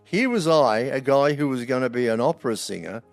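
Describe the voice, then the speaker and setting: A man's voice: mid-range voice, lively intonation, fairly quick, gravelly, faint music behind. A man, a former prison officer telling stories bluntly, swearing freely, with wry humor. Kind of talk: anecdotal storytelling.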